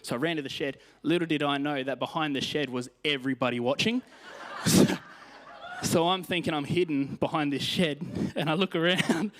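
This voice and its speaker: A man's voice: a little high, fairly quick, fairly bright tone, a little hiss or hum. A young man with an Australian accent preaching a sermon in a chatty, self-deprecating way, telling personal stories and reading scripture. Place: church stage.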